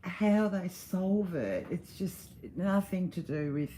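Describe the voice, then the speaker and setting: Slow, giggly woman co-host. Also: fairly low pitch, lively intonation, dark tone, a little hiss or hum. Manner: giggly, reads listener questions. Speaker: podcast co-host. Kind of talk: casual chat.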